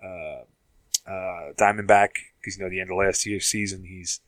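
A man's voice: deep voice, steady tone, moderate pace, fairly bright tone, no echo, rough recording. A man co-hosting a casual podcast chat about TV shows, rambling with lots of fillers and asides. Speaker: podcast co-host.

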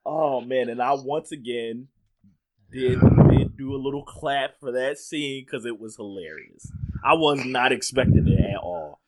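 Excitable man chatting about a movie. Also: mid-range voice, measured pace. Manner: laughs often, animated retelling with quoted lines. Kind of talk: casual movie chat.

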